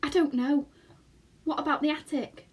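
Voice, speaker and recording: A woman's voice: high voice, steady tone, normal speed, recorded from a distance, pitched above the performer's own voice, lightly acted. Woman reader plays earnest storybook boy; urgent, eager lines. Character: earnest, worried young boy.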